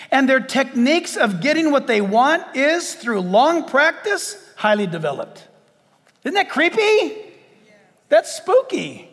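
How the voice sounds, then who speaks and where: A male pastor preaching a sermon in an animated way, acting out scenes and laughing often. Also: very high-pitched, long reverb tail.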